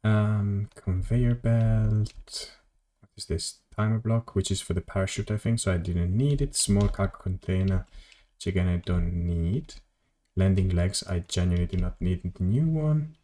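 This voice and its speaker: A man with a low, warm voice talks at a measured pace while streaming a game from his home office. He chats casually and rambles, correcting himself and responding to his chat.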